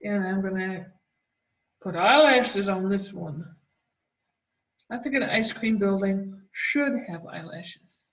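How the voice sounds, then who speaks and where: A woman art teacher talking children through a drawing, gentle and encouraging as she draws. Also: medium pitch, slow, long pauses, distant mic. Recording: dull, roomy, from the mic.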